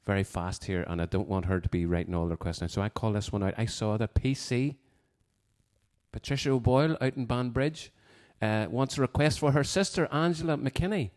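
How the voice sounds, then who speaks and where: A man with a mid-range, darkish voice talks briskly as host of a live music show. Between songs in a piano room at home, he rambles casually while reading requests and birthday wishes.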